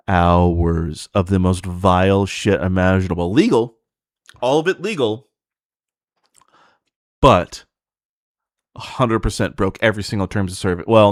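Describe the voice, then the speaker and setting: A man's voice: low voice, unhurried, pauses often, no echo, studio quality. A man hosting a livestream, talking casually in a blunt, profane, ranting way to his chat. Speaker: streamer host.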